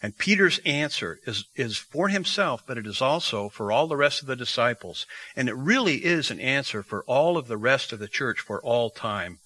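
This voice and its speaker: A man's voice: medium pitch, lively intonation, normal speed, few pauses, bright, forceful tone, poor audio. A man preaching an expository sermon, teaching verse by verse and reading scripture aloud.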